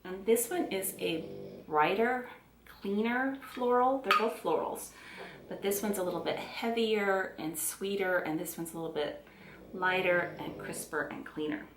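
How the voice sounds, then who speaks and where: Beauty vlogger, woman, Southern US accent, middle-aged, relaxed and chatty, mid pitch, roomy home recording. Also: unhurried, background noise. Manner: chatty, relaxed, self-deprecating. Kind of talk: casual chat to camera. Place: room at home.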